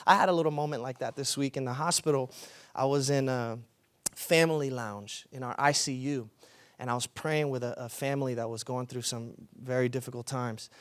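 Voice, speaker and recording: A man's voice: medium pitch, brisk, dry recording. A young adult man preaching a conversational sermon as a pastor, telling stories. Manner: conversational, storytelling with laughs.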